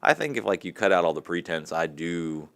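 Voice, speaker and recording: A man's voice: sits low, fairly quick, vocal fry. A young man, a comedian from the American South with a light Southern accent, talking candidly and easily about his life. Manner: relaxed, candid storytelling. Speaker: comedian guest. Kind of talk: casual interview chat.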